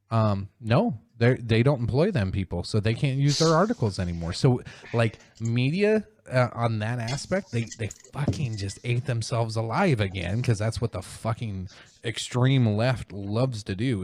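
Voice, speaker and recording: A man hosting a casual podcast, rambling and swearing, mocking others in sudden high-pitched voices. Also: darkish tone, no echo. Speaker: podcast host.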